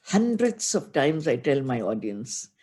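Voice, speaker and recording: A woman's voice: rumbling low, unhurried. A woman with an Indian accent, a spiritual teacher giving a devotional discourse, telling stories expressively and speaking straight to her listeners. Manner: expressive storytelling, addresses listeners directly.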